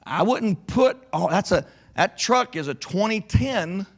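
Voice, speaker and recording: Animated high-voiced pastor. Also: male voice. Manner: animated, slows to stress points. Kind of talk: sermon.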